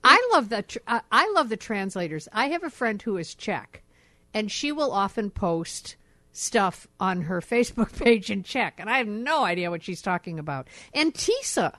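A chatty middle-aged woman hosting a radio show, her pitch rising and falling freely as she tells a story. The sound is dry and close, with no room around her. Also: very animated, moderate pace, bright, forceful tone, dry recording. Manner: chatty, laughs easily. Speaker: radio host. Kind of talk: casual on-air chat.

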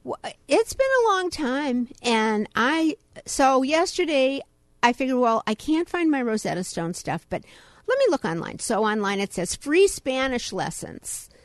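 A middle-aged woman co-host with a slightly high voice, telling a funny story about herself in casual radio chat. Her voice sounds dry and close to the mic. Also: big pitch swings, measured pace, no echo. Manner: storytelling, self-mocking.

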